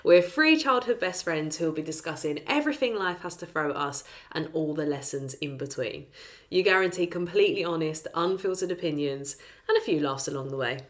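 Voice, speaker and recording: Low-voiced woman podcast co-host. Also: a little fast. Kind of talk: casual chat.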